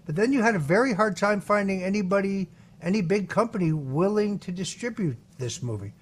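A man hosting a radio talk show, putting questions to a guest in a deliberate way. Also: high-pitched, animated, slight background noise. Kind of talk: radio interview.

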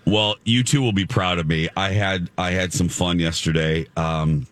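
A man's voice: deep voice, fairly even intonation, moderate pace, a bit bright. A man in his forties, a radio host, telling rambling self-mocking stories in casual chat. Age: 40s.

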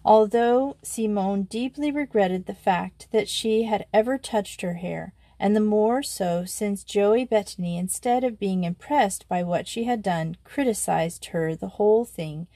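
A woman reading a children's storybook aloud in a measured, even way. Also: mid-range voice, no room sound. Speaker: audiobook reader. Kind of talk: scripted storybook narration.

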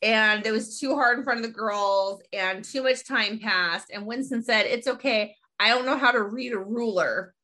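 A woman hosting a casual podcast chat, retelling a sitcom episode in a lively storytelling way with quick asides. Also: fairly high pitch. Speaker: podcast host.

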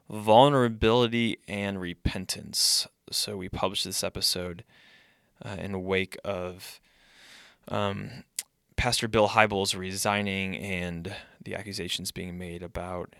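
A man's voice: sits low, gravelly, bright, forceful tone, dry recording, clean studio sound. A man who is a pastor and podcast host, speaking in a conversational podcast monologue and thinking aloud.

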